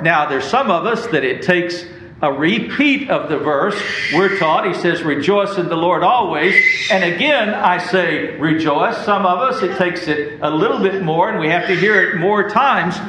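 A man preaching a sermon, reading verses slowly and with emphasis. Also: high-pitched, lively intonation, pushed and bright, reverberant, poor audio. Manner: slow, emphatic preaching with drawn-out quoted verses.

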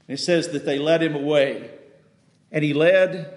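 A man preaching a slow, deliberate sermon in a church sanctuary. He stumbles and repeats words, then builds to loud emphatic peaks. The recording is roomy and echoey, with a long reverb tail. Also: fairly high pitch, steady tone. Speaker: pastor.

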